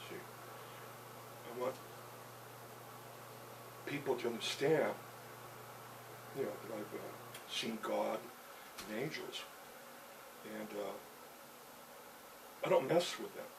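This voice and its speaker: A man's voice: mid-range voice, slow, creaky, long pauses, far from the mic, noisy background. A man recounting a personal story in a loose, rambling way, with plenty of "you know" and little chuckles. He sits some way from the mic. A faint buzz of insects hangs behind him.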